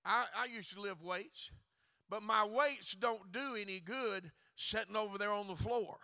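A middle-aged man with a Southern accent, preaching a Pentecostal revival sermon in a folksy, joking way that rises to loud preaching. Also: sits high, unhurried. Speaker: guest preacher.

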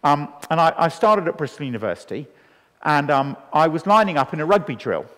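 In a church hall with a long echoing reverb, a fifty-something evangelist preaches to the people gathered there. His fairly high voice moves fairly quickly as he acts out the dialogue in his animated stories.

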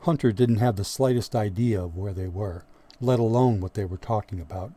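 A male audiobook narrator reading a story in a steady, measured way. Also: on the low side. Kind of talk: scripted narration.

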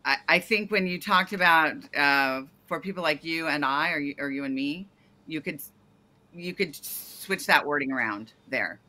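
A woman's voice: low-pitched, normal speed, pushed and bright. A woman coaching a startup founder over a video call, giving detailed feedback and often correcting herself mid-sentence.

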